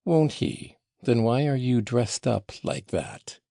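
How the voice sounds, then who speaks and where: A man's voice: mid-range voice, very animated, slow pace, creaky, dark tone, dry recording, studio quality, voice pushed up, exaggerated voice. A man reading an audiobook voices a jealous young man who talks with a jeering sneer. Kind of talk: audiobook character voicing.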